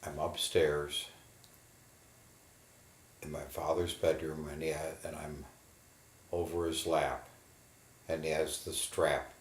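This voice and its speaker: A man in a guided imagery therapy session, slowly and haltingly describing what he feels in his body. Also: extremely low pitch, level tone, echoey room, a little hiss or hum. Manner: slow, halting, inward reporting of body sensations. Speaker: therapy client.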